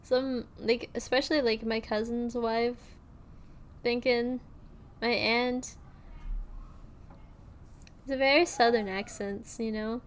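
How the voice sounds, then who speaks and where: A woman's voice: a little high, steady tone, takes it slowly, pauses often, a little hiss or hum. A young woman streaming, chatting casually and rambling with lots of fillers and restarts.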